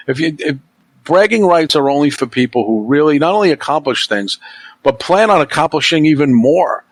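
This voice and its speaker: A man's voice: fairly high pitch, expressive, fairly quick, dry recording, rough recording. A middle-aged man hosting a podcast in casual chat, blunt and opinionated, swearing freely. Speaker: podcast host.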